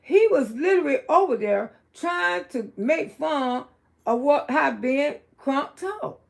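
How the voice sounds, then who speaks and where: Gravelly blunt Southern woman on a livestream. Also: lively intonation, slow. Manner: outspoken, blunt, swings from low murmur to loud exclaiming. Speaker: livestream host. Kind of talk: casual livestream commentary.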